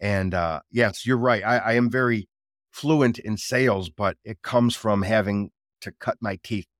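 Energetic low-voiced man, dry sound. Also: measured pace, no echo. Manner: energetic, repeats words for emphasis. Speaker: guest, drone business owner. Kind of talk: casual podcast interview.

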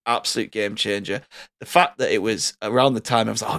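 Low, smooth-voiced man. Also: fairly even intonation, fairly quick, a bit bright, no room sound. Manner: rambling, enthusiastic reminiscing. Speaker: podcast co-host. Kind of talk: casual chat.

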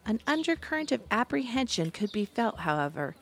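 A woman narrating a fantasy storybook in a measured, descriptive manner. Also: on the high side, big pitch swings.

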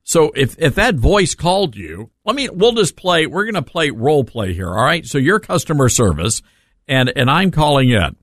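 A man's voice: fairly high pitch, very animated, no room sound, studio quality. Brash talk radio host man. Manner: brash, blunt, quick.

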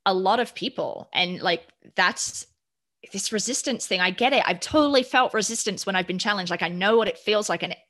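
A woman's voice: mid-range voice, a little fast, a bit bright. A woman speaking earnestly in a reflective podcast conversation, often checking in with "right?".

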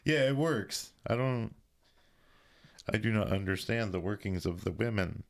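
A man's voice: fairly low pitch, unhurried, creaky. A man recapping a movie in casual podcast chat, full of crude jokes and banter.

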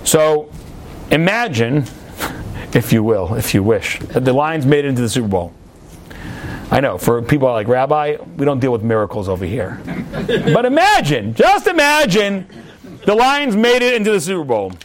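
Animated high-voiced rabbi teaching. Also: male voice, normal speed, a little hiss or hum. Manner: lively storyteller, acts out yelling at a TV.

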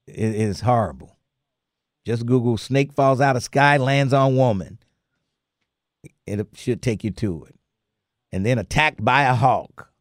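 A man hosting a talk radio show, telling stories in a lively, chatty way and laughing often. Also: medium pitch, dry recording, studio quality. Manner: animated storyteller, laughs often. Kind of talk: casual talk radio chat.

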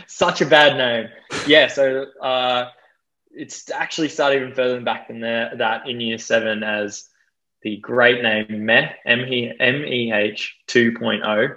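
A young Australian man chatting casually as an interview guest, self-deprecating and quick to laugh, with plenty of fillers. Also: mid-range voice, fairly even intonation, sharp tone, low-quality recording. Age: young adult. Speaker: guest DJ and producer.

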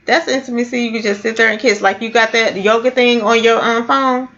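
Middle-aged woman, relaxed podcast co-host, bright tone, dull lo-fi audio. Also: on the high side, brisk. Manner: easygoing, laughs often. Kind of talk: casual couple's chat.

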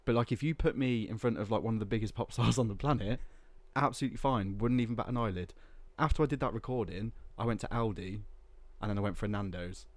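A man's voice: lowish voice, fast, few pauses, no echo. A man, a podcast guest talking candidly and rambling, with plenty of filler words. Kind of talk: casual chat.

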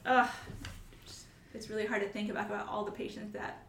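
A woman's voice: mid-range voice, little pitch movement, a little fast, fairly bright tone, a little hiss or hum. A woman who hosts a podcast and works as a nurse, talking earnestly and with feeling. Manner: earnest, emotional, acts out quoted coworkers. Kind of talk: heartfelt podcast conversation. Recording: roomy sound from a distance with faint ambience.

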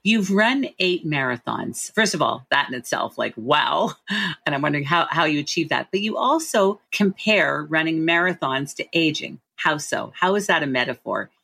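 A woman's voice: low-pitched, animated, creaky, bright, forceful tone, slightly rough. A woman hosting an interview, enthusiastic and full of admiring reactions. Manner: enthusiastic, gushing praise and quick reactions. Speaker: host, life coach.

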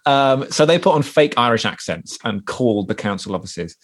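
A man's voice: medium pitch, expressive, normal speed. A man with a Welsh accent co-hosting a podcast, telling a story in a rambling, jokey way with many restarts. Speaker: podcast co-host. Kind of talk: casual chat.

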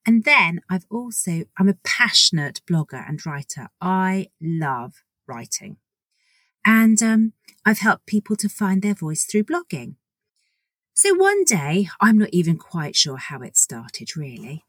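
Woman, forties, podcast host, breathy tone, dry close sound, chatty, enthusiastic. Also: on the low side, sing-song, unhurried, fairly bright tone, dry recording. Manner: chatty and enthusiastic, acts out little conversations. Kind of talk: solo podcast introduction.

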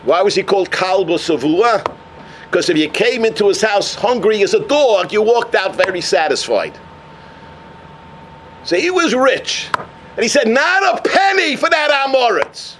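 A man teaching a Torah class as a lively storyteller who mixes in Yiddish and Hebrew terms. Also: high-pitched, normal speed, pauses often, a little hiss or hum.

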